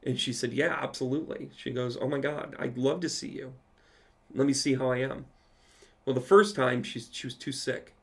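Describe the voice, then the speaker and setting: A man's voice: mid-range voice, steady tone, moderate pace, creaky, husky. A man, a psychic medium, telling a personal story in a casual live Q&A and swearing freely as he goes.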